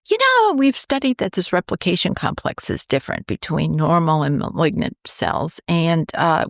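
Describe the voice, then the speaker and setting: A lowish female voice with vocal fry is heard in a dry studio-quality recording. The speaker, a cancer researcher from New York, USA, narrates a story in a podcast interview, animatedly performing the voices of its characters.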